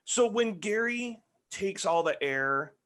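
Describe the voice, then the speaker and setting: A man's voice: high-pitched, lively intonation, slow pace, a bit bright. Guy hosting a movie review podcast, joking storyteller, voice jumps all over. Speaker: podcast host. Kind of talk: casual film review chat.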